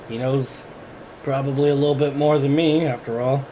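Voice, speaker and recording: A man acting as game master, narrating a tabletop game in a relaxed way and laughing easily. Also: medium pitch, normal speed, a little hiss or hum, poor audio.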